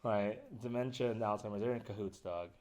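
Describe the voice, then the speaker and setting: A man's voice: lowish voice, a little fast, darkish tone. A man co-hosting a comedy podcast, joking and bantering in casual chat. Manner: joking, short interjections and crude banter.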